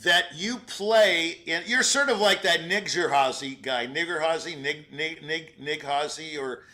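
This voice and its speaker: An older man talks through his verdict on a piano performance, wandering off into stories and humming passages. His voice sits high and bright. He laughs often and keeps circling back to his point. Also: measured pace. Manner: rambling and animated, sings out phrases, laughs often. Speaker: competition juror giving feedback. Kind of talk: spoken critique of a performance.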